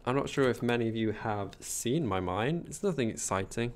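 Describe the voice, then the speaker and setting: A man's voice: mid-range voice, lively intonation, normal speed. A man with a posh English accent, chatting casually on a gameplay livestream, rambling and reading out chat as he builds. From England.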